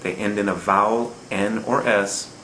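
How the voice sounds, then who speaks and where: A man's voice: fairly low pitch, steady tone, unhurried, pushed and bright, roomy sound, slight background noise, poor audio. A man teaching a lesson on Spanish word stress, patiently repeating each rule and often checking in with his listeners. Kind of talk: recorded classroom lesson.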